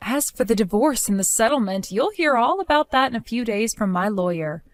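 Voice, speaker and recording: A woman telling a scripted story in a cool, measured, matter-of-fact way. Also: a little high, lively intonation, no echo. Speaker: narrator.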